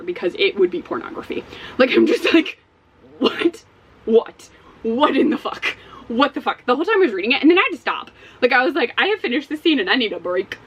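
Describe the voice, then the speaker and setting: Woman, book vlogger, casual review, exasperated, swears a lot, higher voice, very lively intonation. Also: slightly rough, low-quality recording. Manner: animated and exasperated, swears often.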